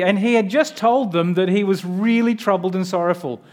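A man delivers a sermon in a notably high voice. He keeps it earnest and conversational rather than grand. He keeps drawing the listener in with direct questions. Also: a little fast, few pauses. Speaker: preacher.

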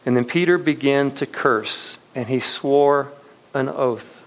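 On a low-quality recording, a pastor in his thirties preaches slowly in a medium-pitched voice. His casual sermon is conversational and loose, full of fillers and false starts, and he laughs softly often.

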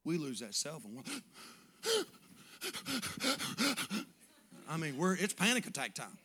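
Fiery pastor preaching a sermon. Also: male voice, a little high, wildly swooping pitch, moderate pace, breathy edge. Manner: swings from hushed to loud shouted climaxes. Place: church sanctuary.

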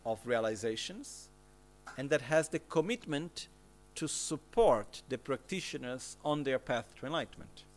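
A man teaching Buddhist practice in a gentle, conversational way, often checking in with his listeners. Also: medium pitch. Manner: gentle, keeps checking in with "okay?" and "no?"; plain conversational explanations with everyday examples. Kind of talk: Dharma teaching commentary.

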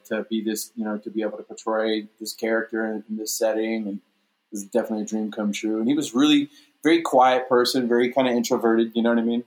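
A man telling a stage story in a casual interview, animated and often repeating "you know what I mean". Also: mid-range voice, roomy sound. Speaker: guest, stage performer.

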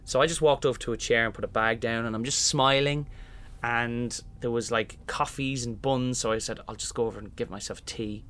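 Fairly quick and medium-pitched, with a faint hiss or hum in the recording, this young Irishman chats in a relaxed interview. He performs in musical theatre and enlivens his anecdotes by acting out their voices.

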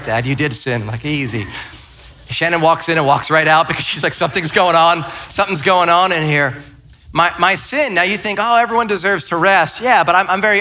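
Pastor, thirties, bright and fairly high voice, telling self-deprecating stories in a church sermon. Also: male voice. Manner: conversational storytelling, self-deprecating. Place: church sanctuary.

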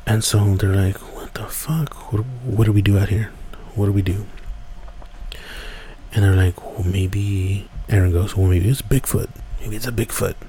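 A man casually telling a spooky woods story, rambling and dropping to hushed whispers at tense moments. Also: fairly low pitch, normal speed, slight background noise. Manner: relaxed, rambling, drops to hushed whispers for tension. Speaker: podcast storyteller.

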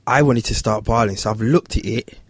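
A man's voice: fairly quick, no room sound. A man, a barber telling a story in casual chat and acting out the voices of the people in it. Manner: animated, acts out voices in high pitch.

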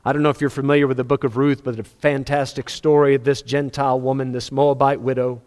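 A man preaching a sermon with passion, rising to loud appeals and dropping to hushed, low passages. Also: level tone, fast. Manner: impassioned, swinging between loud high-pitched appeals and hushed low passages. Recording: long reverb of a large hall.

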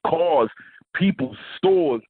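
Phone-in guest: New man, husky voice, tinny line, laid-back storytelling. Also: on the high side, animated, drawn-out words, no echo. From New York. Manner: laid-back, fills lines with "man" and "you know what I'm saying". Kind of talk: casual storytelling.

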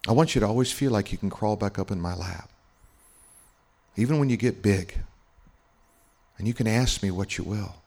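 A man voicing a tender, loving Jesus who speaks softly and gently to a child during a guided meditation. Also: on the low side, normal speed, pauses often. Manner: soft, hushed and gentle.

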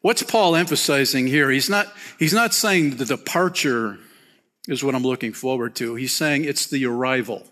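A pastor preaching a sermon, casual and animated, peppering his talk with "man" and "you know". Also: moderate pace. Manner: animated, rises high when excited, softens and drops low near the close.

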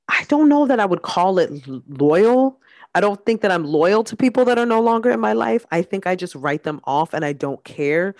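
A woman's voice: low voice, no room sound, clean studio sound. A woman podcast host and mother talking in a blunt, candid casual chat, leaning on "like" as she makes her points. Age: adult mother.

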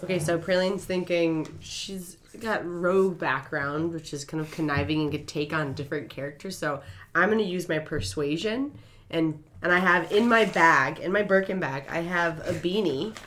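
A woman's voice: on the low side, normal speed, a bit bright. A woman playing a tabletop role-playing game, describing her character's plans in a brash, playful way. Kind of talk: casual in-character play.

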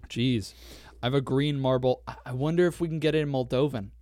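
A man's voice: mid-range voice, fairly quick, a little mellow, dry recording, studio quality. A young man co-hosting a podcast, rambling through casual chat, cursing freely and laughing often. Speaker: podcast co-host.

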